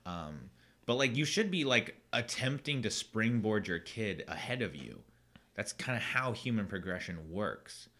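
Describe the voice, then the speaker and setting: A man co-hosting a podcast in casual chat, rambling with many fillers and restarts and quick to laugh. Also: on the low side, big pitch swings, bright, forceful tone. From United States. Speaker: podcast co-host.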